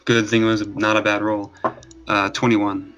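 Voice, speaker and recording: A man playing a tabletop game, thinking aloud as he lists what he's after. His voice sits a bit low. The tone is casual and unhurried. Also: level tone, muffled recording. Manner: thinking aloud, listing things. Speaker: player.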